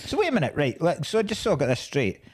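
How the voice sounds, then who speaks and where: A man co-hosting a podcast, with a lively pitch that rises and falls. He is wry and quick with a joke in casual chat. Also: slightly rough. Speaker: podcast co-host.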